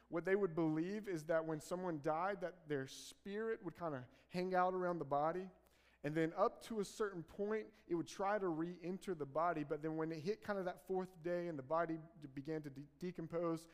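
A man preaching a sermon in a relaxed, conversational way, retelling scripture in everyday speech. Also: on the high side, in a large hall. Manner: conversational preaching, paraphrasing scripture in casual voices. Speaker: pastor.

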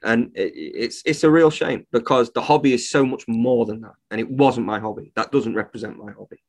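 A man's voice: mid-range voice, fairly quick, a little mellow. Man, indignant, blunt, sweary, casual podcast chat. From United Kingdom. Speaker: reptile shop owner, podcast guest.

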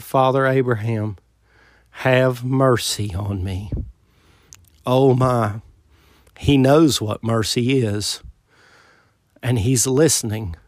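A man preaching a sermon in an earnest voice, asking rhetorical questions and swelling louder before dropping low. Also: no echo, studio quality.

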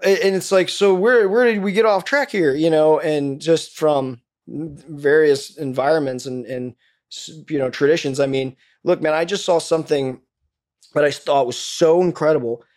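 A man's voice: a little high, moderate pace, darkish tone. A man as a podcast guest, ranting in a heated, profane way with many restarts. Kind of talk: casual podcast conversation.

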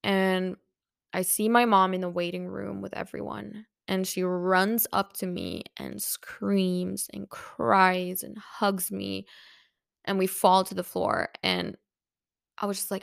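Young woman telling a grief story, gravelly. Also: mid-range voice, lively intonation, slow, no echo, studio quality. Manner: emotional, many "like" fillers. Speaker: podcast host. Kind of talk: personal storytelling.

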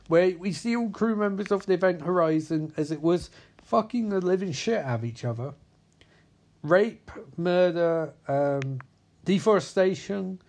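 A man giving a profane, sarcastic comedic recap of a film, slipping into quick quoted voices for its characters. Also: a little high, a little mellow.

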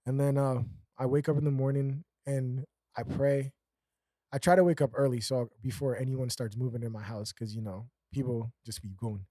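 A man's voice: medium pitch, steady tone, moderate pace, warm tone, dry recording, clean studio sound. A man co-hosting a podcast in casual chat, rambling with fillers and laughing often. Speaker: podcast co-host.

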